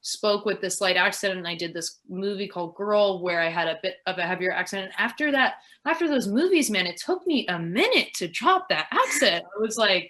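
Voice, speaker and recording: A woman's voice: medium pitch, lively intonation, normal speed, few pauses, bright, forceful tone. A woman, an actress, answering interview questions in a casual, rambling way, full of fillers as she thinks aloud. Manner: rambling, filler-heavy, reflective.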